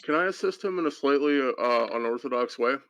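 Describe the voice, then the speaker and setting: A man with a deep voice playing a tabletop game who talks in a hesitant, playful way. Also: lively intonation, fairly quick, a bit bright, clean tone, no room sound, rough recording. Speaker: player. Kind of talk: casual tabletop role-play.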